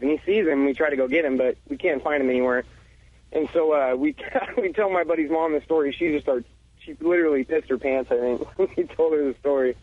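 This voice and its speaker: A man's voice: a little high, no room sound. A man calling in to a radio show, rambling through a childhood story with lots of "uh" and "like", chuckling as he goes. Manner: rambling, filler-heavy, chuckles often. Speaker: caller. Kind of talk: casual storytelling on a phone-in. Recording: muffled lo-fi radio sound.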